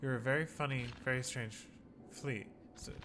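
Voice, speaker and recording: A man reading aloud as a friendly old flea who leads a caravan, in quaint broken phrasing and a hushed voice. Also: medium pitch, moderate pace, background noise, lightly acted. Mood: warm, welcoming.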